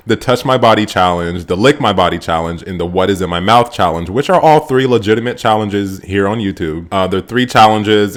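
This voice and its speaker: A man casually recapping a reality show episode, sarcastic and animated, swearing freely as his voice jumps up with excitement. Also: fairly low pitch. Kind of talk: casual profane recap commentary.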